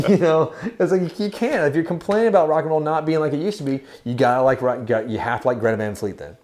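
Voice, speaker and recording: A man's voice: a little high, fast talker, a little mellow, a little hiss or hum. Giggly, rambling Generation X man. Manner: giggly, rambling with many fillers. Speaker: podcast co-host. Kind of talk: casual chat.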